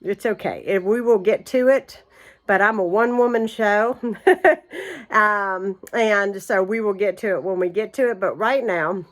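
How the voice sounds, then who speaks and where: A woman's voice: mid-range voice, moderate pace. A middle-aged woman chatting casually to her camera at home, with lots of ums and easy laughter. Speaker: home vlogger. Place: guest room of an old house. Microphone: camera held by her.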